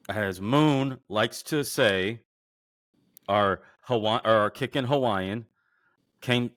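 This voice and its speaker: Deep-voiced man in profane sports banter. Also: dry recording, studio quality. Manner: profane, excitable fan banter. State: voice worn from shouting. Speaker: podcast co-host. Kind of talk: casual sports chat.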